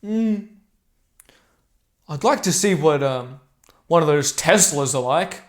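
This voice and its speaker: A man voicing a plain, unambitious young male coworker who answers in a slow, noncommittal drawl. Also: fairly high pitch, expressive. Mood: flat, hesitant.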